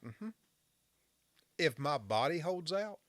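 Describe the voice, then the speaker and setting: A man's voice: fairly high pitch, big pitch swings, takes it slowly, fairly bright tone, dry recording. A man in his fifties from western North Carolina with a Southern drawl, chatting as a podcast guest in a folksy, joking way, often restarting his words. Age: 50s. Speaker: fire chief, podcast guest. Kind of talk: casual chat.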